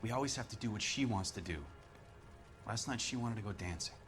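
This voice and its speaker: An actor playing a defensive husband questioned by police in a video game, nervous and quick to anger. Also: male voice, lowish voice, fairly bright tone, soft background music, close to an everyday voice. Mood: bitter. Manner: nervous, then angry outbursts. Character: defensive husband questioned over missing wife.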